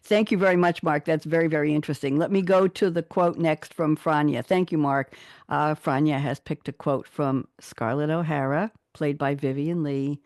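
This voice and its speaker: Woman radio host, dry close sound, chatty and fast, home studio. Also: sits low, no echo. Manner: lively, quick and chatty. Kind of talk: casual radio interview.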